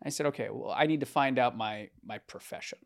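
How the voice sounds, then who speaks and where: A young man co-hosting a podcast, teasing and animated in casual chat. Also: mid-range voice, brisk, gravelly. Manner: animated, teasing, swings loud and soft. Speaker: podcast co-host.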